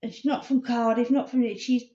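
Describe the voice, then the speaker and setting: A woman rambles through a casual vlog monologue, earnest and animated as she tells her stories. Her voice sits a little high, and the recording sounds slightly dull and lo-fi. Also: brisk. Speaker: vlogger.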